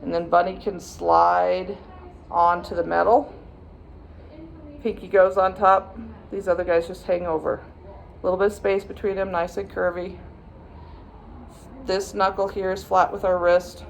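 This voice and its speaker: A woman's voice: on the low side, flat delivery, a little slow, gravelly, slight background noise. A woman viola teacher patiently walking students through practice steps, sometimes chanting rhythm words. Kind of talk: instructional practice walkthrough.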